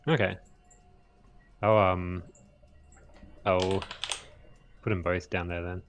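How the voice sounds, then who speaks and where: Hesitant man with a low voice. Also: fairly even intonation, slow pace, faint music behind. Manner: hesitant, thinks aloud with ums. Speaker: player. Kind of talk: casual tabletop game chat.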